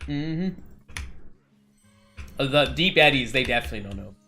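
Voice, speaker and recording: A man's voice: mid-range voice, lively intonation, moderate pace, bright, forceful tone. A man chatting and joking while playing a game, laughing often and stumbling over his words. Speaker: gaming streamer. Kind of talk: casual chat while gaming. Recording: faint music behind.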